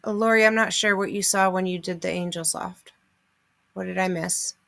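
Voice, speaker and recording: A woman's voice: on the low side, steady tone, moderate pace, vocal fry, a bit bright. A middle-aged woman hosting a casual livestream, chatting through a list of grocery deals and answering viewer comments. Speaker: host of a couponing livestream.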